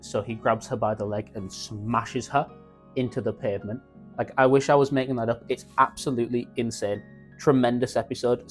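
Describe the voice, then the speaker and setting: Excitable lad recapping a show. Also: male voice, medium pitch. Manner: excitable slangy retelling, acts out characters' lines. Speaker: YouTube reviewer.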